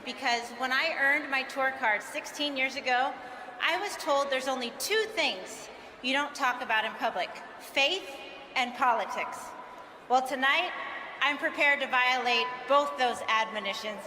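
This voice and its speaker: A woman's voice: high-pitched, unhurried. A woman giving a candid, plainspoken speech at a convention. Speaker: guest speaker. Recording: echoey hall with noise.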